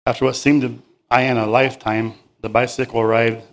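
A man at an ordinary mid pitch reads a children's story aloud to a group. He halts often, rephrases lines in his own words and adds moral comments along the way. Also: flat delivery. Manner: halting, stops to paraphrase and moralize.

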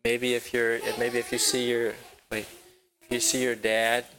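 A man teaching a children's Bible lesson at a rural property with a barn. He tells the story haltingly, repeats his words and asks the children questions. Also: mid-range voice, monotone, background noise.

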